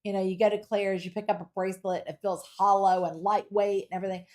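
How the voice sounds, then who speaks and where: A middle-aged woman hosts a live jewelry sale with a chatty, playful energy. She talks straight to her viewers, reads their comments aloud and keeps the pitch lively and personal. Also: fast talker. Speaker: home shopping host.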